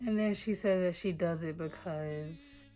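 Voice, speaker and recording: Chatty young woman with a lowish voice. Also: a little slow, faint music behind. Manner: chatty, profane, animated retelling. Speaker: book reaction vlogger. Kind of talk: casual book recap.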